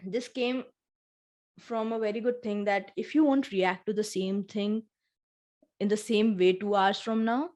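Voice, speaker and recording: A woman's voice: medium pitch, steady tone, a little slow, darkish tone. A woman co-hosting a casual heart-to-heart conversation, talking in an earnest, reflective way and vividly retelling her own feelings. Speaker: podcast co-host.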